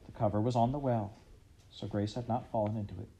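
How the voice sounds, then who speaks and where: A man reading a storybook aloud in an expressive, dramatic way. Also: lowish voice, fast talker, slight background noise, poor audio. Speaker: reader.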